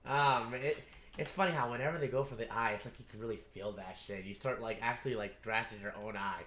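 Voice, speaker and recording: Excitable, foul-mouthed man in an echoey room. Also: medium pitch, fast, slight background noise. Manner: profane, excitable outbursts at the screen. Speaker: anime reaction host. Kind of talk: casual reaction commentary. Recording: roomy echo.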